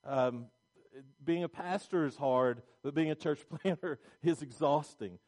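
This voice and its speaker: A man's voice: on the high side, measured pace, darkish tone. A middle-aged male pastor preaching a sermon, emphatic and repetitive, with restarts.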